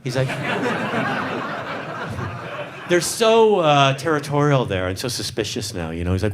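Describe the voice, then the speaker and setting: A man's voice: a little high, very animated, slow pace, long pauses, fairly bright tone, slight background noise. A man from San Francisco doing stand-up comedy in a club, teasing the crowd in a camp manner with lots of restarts. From San Francisco, USA. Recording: live club with audience. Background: audience laughing.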